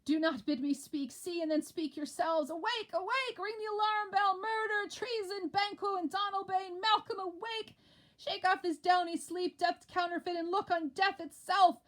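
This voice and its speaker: A woman acts out a nobleman in horror, crying out loud and urgent in a high, straining voice. He sounds like the alarm in a stage tragedy, read aloud in a classroom. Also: steady tone, normal speed, hardly any pauses, natural voice. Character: horrified nobleman raising the alarm.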